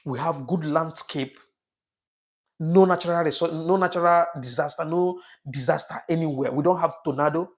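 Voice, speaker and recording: A man's voice: a little high, normal speed. A man hosting a casual livestream, reading out viewer comments and talking with emotion, often repeating his phrases. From Africa. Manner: emotional, repetitive, restarts phrases.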